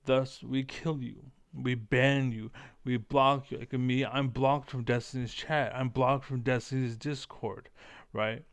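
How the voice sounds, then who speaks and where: A man giving a rambling, profane political monologue, often losing his train of thought and doing mocking squeaky impressions. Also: fairly even intonation, measured pace, no echo.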